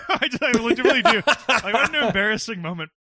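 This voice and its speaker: A young man spinning an animated anecdote in casual chat, swearing and laughing as he goes. His voice is high and bright, swooping widely in pitch, and it sounds dry and close to the mic. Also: fast, no room sound. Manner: animated, laughing storyteller who swears freely.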